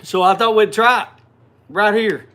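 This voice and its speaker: A man's voice: high-pitched, normal speed, sharp tone. A man hosting a casual livestream, chatting and greeting viewers by name. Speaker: livestream host. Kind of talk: casual chat.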